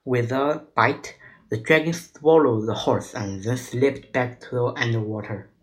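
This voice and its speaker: Man, children's storyteller, slow, careful, non-native phrasing, storybook reading. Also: medium pitch, rough recording.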